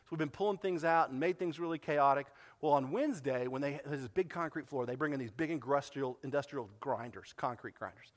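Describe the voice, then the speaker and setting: A man, a pastor telling a story to his church in a lively sermon, acting out what people said. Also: mid-range voice, a little fast, hardly any pauses, in a large hall. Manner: animated storytelling, acts out quoted dialogue. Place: church sanctuary.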